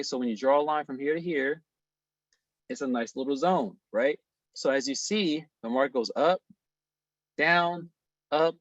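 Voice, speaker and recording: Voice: medium pitch, no room sound, highs cut off. A trading instructor teaching a casual screen-share lesson, slangy and playful, stressing points and checking in with "okay?" over and over. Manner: slangy, playful, emphatic, asks "okay?" constantly.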